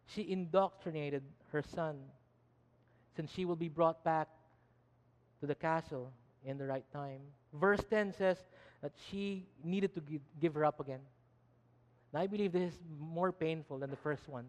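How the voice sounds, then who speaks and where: A man's voice: on the high side, normal speed. A man preaching a sermon emphatically, often restarting his words. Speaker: pastor. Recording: long reverb of a hall.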